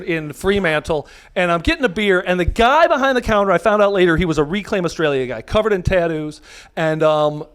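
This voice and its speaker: A man's voice: high-pitched, fairly bright tone. A man from the United States doing a live stand-up comedy set, brash and profane, often cutting himself off mid-thought. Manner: brash, profane, self-interrupting delivery. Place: live comedy venue with audience. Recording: audience laughter cutting over the mic.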